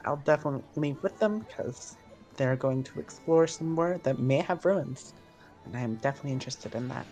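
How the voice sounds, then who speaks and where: A man's voice: medium pitch, animated, brisk, a little mellow, faint music behind. A man playing a tabletop game over online voice chat, speaking in character with polite, formal phrasing. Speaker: player.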